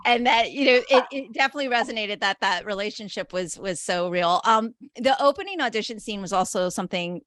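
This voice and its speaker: A woman interviewing film stars, animated and chatty, with many fillers. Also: mid-range voice, fairly quick, hardly any pauses, no echo. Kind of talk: casual interview talk.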